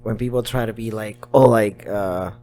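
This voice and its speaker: Low-voiced young man ranting. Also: moderate pace, faint music behind. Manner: animated ranting, mimics people. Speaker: podcast co-host. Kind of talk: casual chat.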